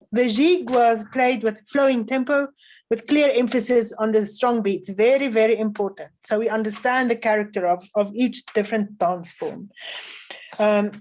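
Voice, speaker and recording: A woman giving measured spoken feedback to young violinists as a festival adjudicator, often pausing with "um.". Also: fairly high pitch, darkish tone, slight background noise, low-quality recording. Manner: measured, instructive, frequent um fillers.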